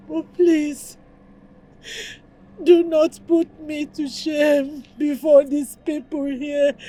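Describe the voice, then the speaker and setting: A woman's voice: high-pitched, warm tone, a little hiss or hum. An actress with a Nigerian English accent playing an anguished wife who begs her husband's spirit, pleading and sobbing between words. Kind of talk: film drama acting. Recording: film soundtrack, faint music behind.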